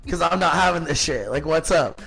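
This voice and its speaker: A man's voice: a little high, expressive, a little fast, fairly bright tone, breathy edge, soft background music. A man in his thirties, a podcast guest telling his story in a blunt, profane, casual way, full of filler words. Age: 30s.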